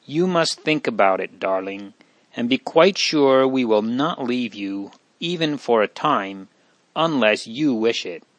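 A man's voice: medium pitch, animated, measured pace, no echo, lightly acted. A man reading aloud voices a teenage older brother who speaks tenderly and hesitantly.

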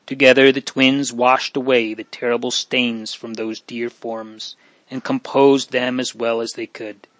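A man's voice: mid-range voice, a bit bright, dry recording, low-quality recording. Man narrating a sad audiobook.

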